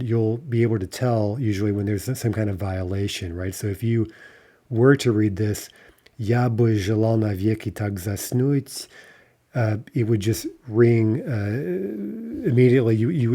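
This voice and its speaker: A man teaching a lesson on reading poetry aloud, explaining step by step with frequent fillers and checking in with "right?", slowing down to recite lines carefully. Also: lowish voice, mellow. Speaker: Russian language teacher.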